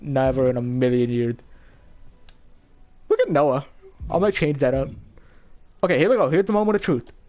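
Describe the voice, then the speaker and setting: A young man chatting excitedly as he comments on his own gameplay, laughing often. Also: medium pitch, moderate pace, pauses often. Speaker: gaming YouTuber.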